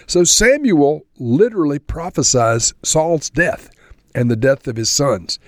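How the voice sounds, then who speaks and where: A man's voice: a little high, expressive, measured pace, no room sound, studio quality. A man teaching verse by verse through a Bible chapter in a conversational, earnest way. He reads passages aloud, explains them, and closes with a spoken prayer.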